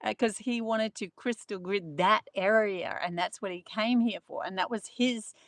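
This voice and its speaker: A woman's voice: medium pitch, normal speed, no echo. Earnest rambling New woman. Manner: earnest, rambling, with many fillers. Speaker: spiritual channeler. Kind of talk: live-streamed spiritual talk.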